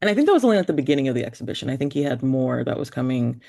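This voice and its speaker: Woman, podcast guest; meandering, many "like"s, some vocal fry, dry close recording. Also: extremely low pitch, very animated, racing, dark tone, no echo. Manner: rambling, filler-heavy, trailing off. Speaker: guest filmmaker. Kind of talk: casual podcast chat. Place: remote from the hosts, in New York.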